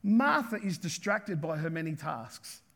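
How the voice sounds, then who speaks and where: A pastor preaching a sermon with emphatic delivery, repeating key words and acting out quotes. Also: male voice, fairly high pitch, sing-song, a little slow, gravelly, a bit bright.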